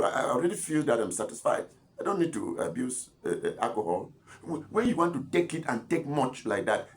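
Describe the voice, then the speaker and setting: A man, a doctor giving informal health advice, chatty and scolding, rambling with repeated words and asides. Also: mid-range voice. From Cameroon. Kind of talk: informal health talk to camera.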